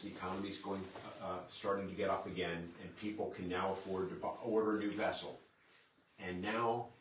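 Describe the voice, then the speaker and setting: A low-voiced man gives a relaxed history lecture to an audience, walking through slides and asking himself questions he then answers. He sounds some way off the microphone in a roomy hall, with faint background noise. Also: far from the mic. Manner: conversational, poses and answers his own questions. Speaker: museum historian giving a lecture. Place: lecture room at a historic site.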